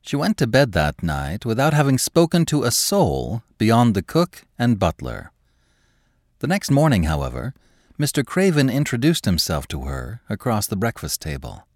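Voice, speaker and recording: Brief: deep-ish male storyteller, lively intonation, dry studio sound. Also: no echo. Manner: expressive, measured storytelling. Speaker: narrator. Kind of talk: scripted narration of a classic story.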